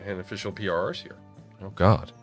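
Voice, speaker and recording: A man with a very low voice chats casually while streaming a game, making dry jokes and rambling asides. He sounds tired, and faint music plays behind him. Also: fairly even intonation, a little fast. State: tired, yawning.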